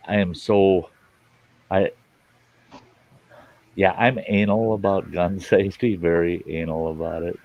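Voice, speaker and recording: A man's voice: deep voice, steady tone, measured pace, long pauses, muffled recording. A middle-aged man hosting a live stream, telling stories in a blunt, folksy way and swearing freely. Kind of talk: casual storytelling chat. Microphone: live stream mic.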